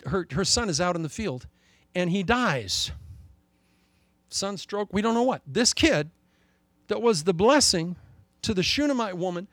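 A middle-aged man preaching a sermon as pastor, animated, swinging widely in pitch and volume as he acts out the people in his story. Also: no room sound.

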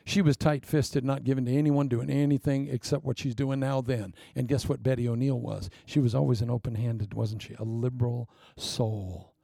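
A male pastor preaches with animated delivery and now and then drops into a whisper for emphasis. His voice is mellow, husky and gravelly, and it sounds close and dry. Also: mid-range voice, normal speed, few pauses, no room sound. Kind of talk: sermon.

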